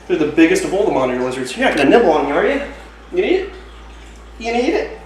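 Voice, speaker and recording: A man's voice: high voice, very animated, fast, background noise. A man hosting a casual animal-keeping vlog, talking enthusiastically and coaxing his reptiles along. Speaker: reptile keeper and show host. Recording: echoey room from a distance.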